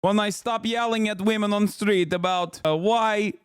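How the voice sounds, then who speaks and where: A whiny, lonely bigot in halting broken English, pitched high and nasal with mockery, as a man puts him on. The voice sits far above a normal speaking register, in a dry, close-miked room. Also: fairly even intonation, clean tone, no echo, close to an everyday voice. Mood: mocking.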